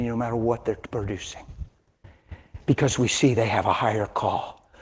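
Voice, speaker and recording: A man in his sixties preaching a sermon, dropping to hushed near-whispers and then rising to emphatic lines, with folksy conversational asides. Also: mid-range voice. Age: 60s. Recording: long hall reverb.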